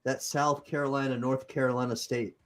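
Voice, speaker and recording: A man's voice: medium pitch, flat delivery, a little fast, fairly bright tone. A man with a Utah accent hosting a livestream, chatting casually and improvising as he reads comments. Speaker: host.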